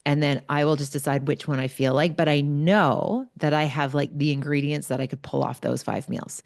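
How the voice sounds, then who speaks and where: A woman's voice: sits low, steady tone, moderate pace, creaky, dry recording, studio quality. A middle-aged woman hosting a podcast, giving casual, chatty advice and anecdotes. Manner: chatty and anecdotal, with fillers like "like" and "right?". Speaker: podcast host.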